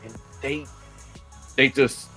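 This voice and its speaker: A man's voice: medium pitch, steady tone, slow, bright, forceful tone, husky. Host guy talking faith, earnest, a bit preachy, faint music behind. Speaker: host of a faith-based talk channel. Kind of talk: casual chat.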